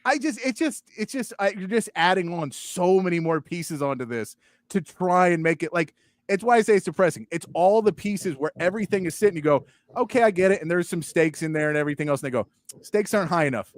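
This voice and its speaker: Animated man on a sports talk show. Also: sits high, brisk, no room sound, studio quality. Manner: animated, mocking, acts out movie lines. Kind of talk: casual chat.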